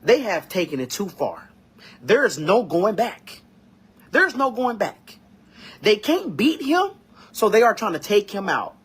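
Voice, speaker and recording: A man giving an emotional reaction monologue, fighting back tears, slow and halting with sighs and pauses. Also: high-pitched, fairly bright tone, husky. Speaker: vlogger reacting to news.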